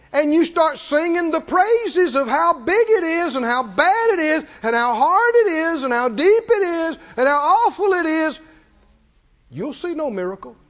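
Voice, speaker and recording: A man preaching a sermon, swinging dramatically from shouts to hushed tones. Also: very high-pitched, lo-fi sound.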